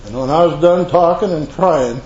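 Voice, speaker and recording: An older man speaks in a mellow, fairly high voice, telling his story with rambling, earnest asides. He is recorded in an echoey meeting room with a dull, lo-fi sound and a faint hiss underneath. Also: moderate pace. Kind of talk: personal testimony to a live audience.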